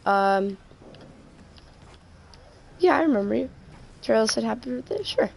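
A woman's voice: on the high side, animated, slow, vocal fry, long pauses, fairly bright tone, faint music behind. A woman streaming a game live, chatting casually and joking, often trailing off mid-sentence.

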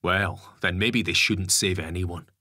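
A man's voice: low voice, measured pace, sharp tone, no echo, clean studio sound, full character voice. A man voicing a blunt, sardonic ex-convict father in an audiobook. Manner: gruff, swears casually. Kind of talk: audiobook character voice.

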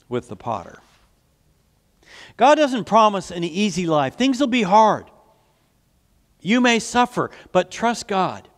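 A man preaching a sermon as pastor, telling stories earnestly and asking the congregation questions. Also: high voice. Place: church sanctuary. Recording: long hall reverb.

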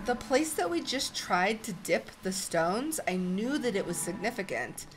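A woman gaming YouTuber giving excitable let's play commentary, thinking aloud and gasping at surprises. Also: mid-range voice, measured pace, soft background music.

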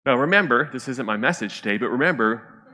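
A male pastor delivering a sermon, his bright, forceful voice carrying through a church sanctuary with a long reverb. He talks in a loose, conversational way, often turning to the congregation with a quick question. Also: mid-range voice, expressive.

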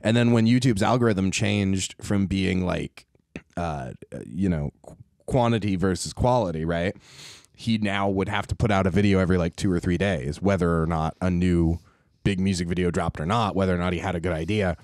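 A man, a comedian guest on a podcast, telling stories in relaxed casual chat and laughing often. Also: deep voice, normal speed, dry recording, studio quality. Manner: laid-back storyteller, laughs often.

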